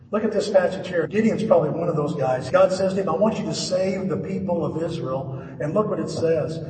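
A man in his sixties preaching a sermon, animated, with sudden swings between raised and hushed voices as he quotes. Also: fairly quick, a little hiss or hum. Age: 60s. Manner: animated, jumps between high and hushed voices when quoting. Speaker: pastor. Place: church sanctuary. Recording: echoey hall, from far off.

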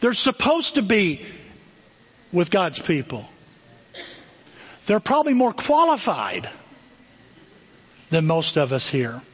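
A man's voice: high voice, slow pace, long pauses, slightly rough. An older man, a pastor, preaching a sermon and telling stories, acting out the voices of people he quotes. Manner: storytelling, animated, acts out quoted voices. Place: church sanctuary. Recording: dull long-reverb church hall.

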